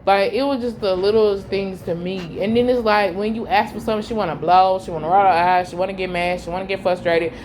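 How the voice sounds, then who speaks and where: Young woman, heartfelt personal testimony, repetitive, middle pitch, trails off quietly. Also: fairly even intonation, fairly quick, hardly any pauses, crowd noise. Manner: heartfelt, repetitive, voice dropping low and quiet toward the end.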